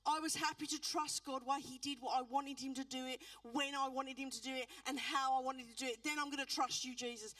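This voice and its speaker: A woman's voice: sits high, fairly even intonation, a little fast, few pauses, a bit bright, dry recording, distant mic. A woman pastor telling a personal testimony in a sermon, earnest and building into fervent preaching. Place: church.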